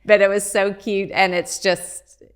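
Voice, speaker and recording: An older woman, a parenting expert and grandmother, giving calm, measured advice in a casual podcast chat. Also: mid-range voice, smooth.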